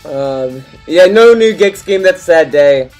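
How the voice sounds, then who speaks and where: A man in his twenties, a livestream host telling a story in casual, rambling chat, full of restarts and animated turns. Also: a little high, unhurried, soft background music.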